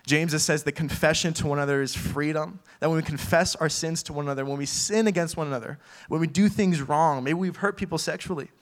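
A man's voice: fairly high pitch, steady tone, quick pace, few pauses. A young man preaching a casual sermon full of fillers, acting out little quoted voices as he talks.

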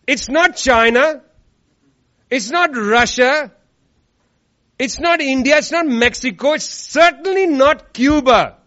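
Man, very high voice, sarcastic, emphatic, speech to a room, dull lo-fi recording. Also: fairly bright tone. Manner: sarcastic, emphatic, repeats lines for effect. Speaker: speaker at an activist event. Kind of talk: political speech to a live audience. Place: room with an audience.

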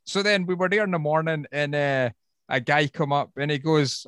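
A Scottish man, a woodworker guest on a podcast, telling stories in a casual, sweary, animated way. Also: a little high, normal speed, clean tone, no echo, studio quality. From Scotland. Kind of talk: casual chat.

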